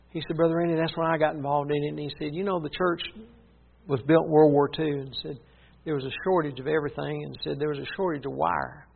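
A man's voice: on the high side, steady tone, fairly quick, vocal fry, slightly rough. A man preaching, earnestly retelling a story and repeating "he said" as he goes. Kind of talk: sermon storytelling. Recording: tinny phone-like sound.

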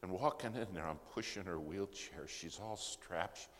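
Gravelly deep-voiced man telling a testimony. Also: a little slow. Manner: dramatic, drops to hushed whispers for emphasis. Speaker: speaker telling a personal testimony. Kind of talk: sermon-style storytelling. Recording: long reverb in a large hall, faint background noise.

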